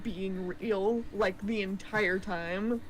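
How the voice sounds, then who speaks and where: A woman's voice: medium pitch, fairly even intonation, very slow, slight background noise, poor audio. A woman chatting casually in a rambling, filler-heavy way while playing a game with a friend. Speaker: co-host.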